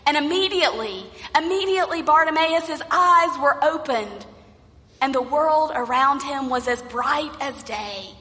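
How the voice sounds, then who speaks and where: Female pastor, high bright voice, storytelling sermon, reverberant hall. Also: a little slow. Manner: storytelling, acting out voices in the tale.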